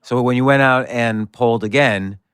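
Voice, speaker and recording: A man's voice: mid-range voice, normal speed, fairly bright tone, clean tone, dry recording, studio quality. A man hosting a podcast, asking curious questions in casual interview talk, often restarting mid-sentence.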